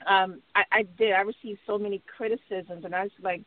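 A woman writer co-hosting a casual talk, speaking reflectively with frequent pauses and fillers. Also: medium pitch, steady tone, dry recording. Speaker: writer and podcast co-host. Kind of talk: casual conversation. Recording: tinny phone-line sound.

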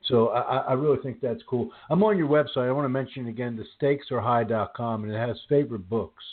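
A man's voice: medium pitch, a little fast. A man in his sixties hosting a faith interview, talking in a rambling way and repeating his words as he goes. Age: 60s. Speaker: host. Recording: tinny phone-like line.

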